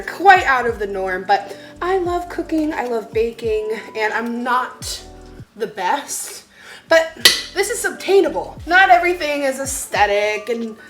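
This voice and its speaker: A young woman in her twenties chatting casually through a home cooking vlog, bubbly, giggly and poking fun at herself. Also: fairly high pitch. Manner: bubbly, giggly and self-mocking. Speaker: lifestyle vlogger. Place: home kitchen. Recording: echoey kitchen with music underneath.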